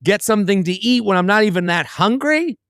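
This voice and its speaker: Male comedian co-host, animated storyteller who does the voices, high and expressive, recorded dry and close. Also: fairly quick, smooth, no echo. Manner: animated, acts out other people's voices. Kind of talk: casual storytelling chat.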